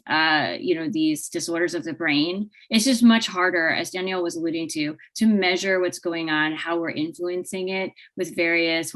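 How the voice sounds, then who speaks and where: A woman speaking as a panelist, briskly explaining with quick asides. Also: lowish voice, a bit bright. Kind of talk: panel discussion.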